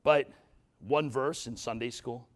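A man's voice: mid-range voice, unhurried. An older man, a grandfather, preaching a sermon to a church with folksy jokes and rising, emphatic exhortation. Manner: folksy, joking asides, rises to emphatic exhortation.

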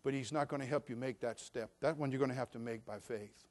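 A middle-aged male pastor preaching a sermon, swinging from loud proclaiming to quiet, slow emphasis. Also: medium pitch.

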